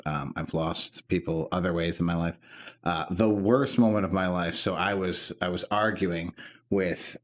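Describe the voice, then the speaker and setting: A man in his thirties co-hosting a podcast, telling an emotional story in casual, profane chat. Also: sits low. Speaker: podcast co-host.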